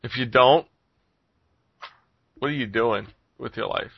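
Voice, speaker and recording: A man's voice: mid-range voice, measured pace, vocal fry, long pauses, no echo, highs cut off. A man hosting a casual podcast chat, rambling with lots of ums and frequent chuckles. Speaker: podcast host reviewing games.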